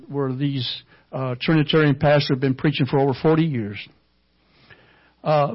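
Fervent man preaching, slightly high voice. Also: lo-fi sound. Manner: storytelling, fervent, hesitant fillers. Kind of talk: sermon testimony.

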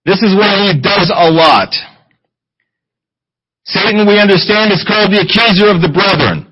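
A man's voice: sits high, moderate pace, husky, dull audio. A man preaching a conversational sermon, reading scripture between plain explanations. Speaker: pastor.

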